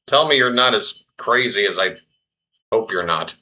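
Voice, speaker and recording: A man's voice: on the low side, animated, normal speed, sharp tone. A man hosting a live baseball stream, doing casual play-by-play in a flustered, self-deprecating way and talking to himself.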